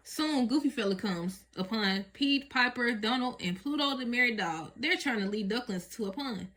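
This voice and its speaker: A woman's voice: fairly high pitch, expressive, moderate pace, a bit bright. Woman reading a children's storybook aloud, light laughs and small slips. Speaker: story reader.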